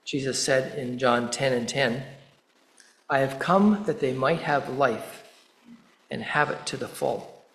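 A man preaching a sermon in a measured way, pausing deliberately and quoting scripture. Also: medium pitch, vocal fry, fairly bright tone, roomy sound, rough recording. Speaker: pastor.

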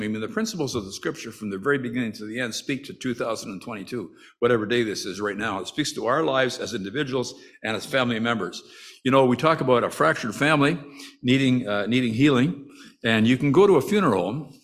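A man delivering a sermon like he's chatting with the congregation. He often restarts his sentences and breaks off into asides. His voice sits at an everyday middle pitch. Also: a bit bright. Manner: conversational, with frequent restarts and asides; acts out the brothers' quoted lines with rising emotion. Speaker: preacher.

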